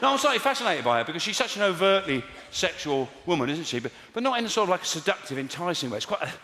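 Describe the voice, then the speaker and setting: On stage in a big theatre, a man rattles off a wry, rambling comedy set in a high, very animated, rapid-fire voice, slipping into silly voices. His stage mic picks up the echo of the live hall and loud laughter from the crowd.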